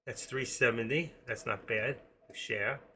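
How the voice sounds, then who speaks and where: Speaking unhurriedly at medium pitch, a day trader in his sixties rambles excitably through a casual live stream, throwing in pep-talk asides. There's slight background noise.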